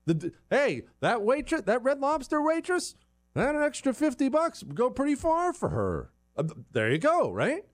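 A man's voice: very high-pitched, wildly swooping pitch, moderate pace. Ranting, sarcastic male talk host. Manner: sarcastic, ranting, swings from loud to muttered asides. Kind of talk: opinionated monologue.

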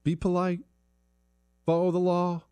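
A man's voice: sits high, completely flat delivery, unhurried, mellow, clean tone, dry recording. A man giving an opinionated monologue as a commentary host, emphatic, repeating phrases and stumbling on words.

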